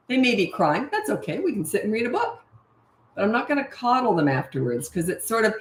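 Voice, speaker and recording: A middle-aged woman who coaches parents, answering viewer questions in a breezy, matter-of-fact way and acting out parent lines in a bright sing-song. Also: fairly low pitch, sing-song, brisk, slight background noise. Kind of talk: casual Q&A livestream. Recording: echoey room.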